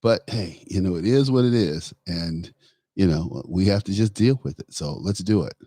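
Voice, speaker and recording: Male talk host, low-pitched, blunt animated commentary, dry close-miked recording. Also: moderate pace, no room sound. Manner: animated, laughs while talking, blunt asides. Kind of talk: solo political commentary.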